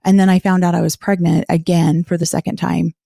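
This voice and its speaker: A woman's voice: on the low side, level tone, a little fast, creaky, warm tone, dry recording, studio quality. A woman guest candidly recounting her own life story in an interview. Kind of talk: personal life story in conversation.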